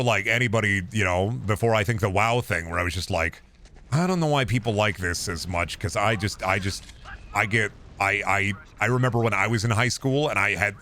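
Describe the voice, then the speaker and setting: A man in his thirties with a deep, trained voice, chatting casually on stream, rambling with lots of restarts and the odd swear. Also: bright, forceful tone. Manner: trained performance voice.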